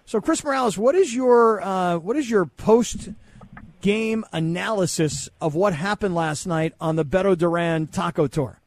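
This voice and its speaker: Wry middle-aged radio host. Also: male voice, high-pitched, a little slow, no echo. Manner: dry, wry, self-deprecating. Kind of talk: casual sports radio banter.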